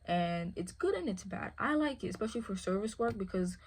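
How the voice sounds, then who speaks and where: A woman's voice: mid-range voice, expressive, fairly quick, husky. A woman who handles a service dog, talking casually and rambling, often asking "you feel me". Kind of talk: casual chat.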